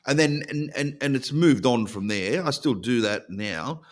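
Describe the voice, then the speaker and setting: A middle-aged man with an Australian accent, a comedian guest chatting casually in an interview, telling stories with lively restarts. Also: medium pitch, a little slow. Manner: lively storyteller with many restarts.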